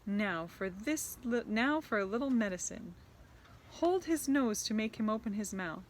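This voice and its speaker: A woman reading a storybook aloud voices a shrill, bossy female witch leader who screams orders at her followers. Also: expressive, moderate pace, slight background noise, natural voice. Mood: gloating. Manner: screeching orders. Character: shrill commanding female Grand High Witch.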